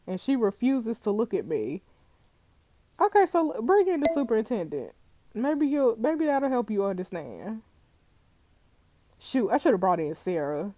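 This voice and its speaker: A woman's voice: fairly high pitch, sing-song, a little slow, pauses often, mellow, dry recording. A woman playing an interactive story game, chatting animatedly with slangy asides while lying in bed with a headphone mic. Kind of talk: casual let's-play commentary.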